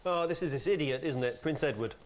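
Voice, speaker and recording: A man's voice: a little high, fairly quick, very noisy. A man on a comedy panel show, riffing in a scornful, ranting way. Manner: scornful, riffing comic rant. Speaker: team captain on panel show. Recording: loud studio audience laughter.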